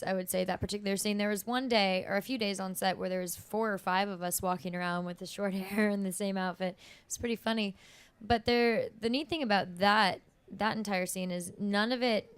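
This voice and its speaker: A woman with a smooth, clear voice chatting keenly as an interview guest. The sound is dry and close, with no room around it. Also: medium pitch, no room sound. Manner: chatty and enthusiastic. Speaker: actor guest. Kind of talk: casual interview chat.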